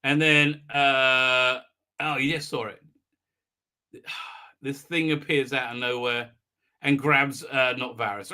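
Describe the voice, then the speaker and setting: A man's voice: medium pitch, flat delivery, slow, pauses often, bright, forceful tone, clean tone. A man hosting a live stream, recapping an episode in a rambling, sarcastic way, full of fillers, mocking the characters as he goes. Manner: rambling, sarcastic, mimics characters mid-sentence; many fillers. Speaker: host.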